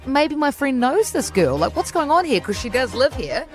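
Animated New woman host, mid-high voice, storyteller who acts out lines. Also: moderate pace, faint music behind. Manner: lively, acts out her own quotes in a higher voice. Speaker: podcast host.

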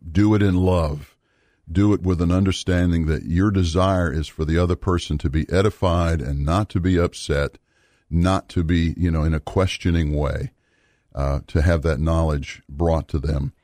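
A man teaching a Bible study series in an earnest, measured way, pausing with fillers and repeating words for emphasis. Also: deep voice, a little mellow, no room sound, studio quality.

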